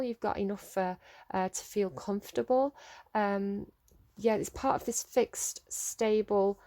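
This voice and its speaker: Here is a woman talking through a tarot reading as if thinking out loud. She is halting and musing, with lots of ums and false starts. Her voice sits at an ordinary middle pitch. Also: creaky. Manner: laughs at her own slips. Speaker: tarot reader. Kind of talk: solo tarot reading to camera.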